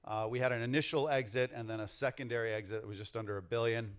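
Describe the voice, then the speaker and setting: Energetic man giving a keynote. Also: mid-range voice, fast, clean tone. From Canada. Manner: energetic, rallies the crowd with questions. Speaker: keynote speaker. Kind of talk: conference keynote talk. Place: on stage before a large audience.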